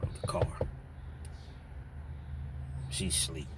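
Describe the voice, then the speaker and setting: A man's voice: slow pace, heavy background noise. A man telling a true-crime story casually, with lots of fillers and asides. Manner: loose, filler-heavy, conversational. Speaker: channel host, storyteller.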